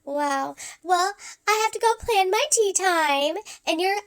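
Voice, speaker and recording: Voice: extremely high pitch, unhurried, fairly bright tone, no echo, heavily acted. A performer voicing a prim, genteel female cat who recently graduated from etiquette school.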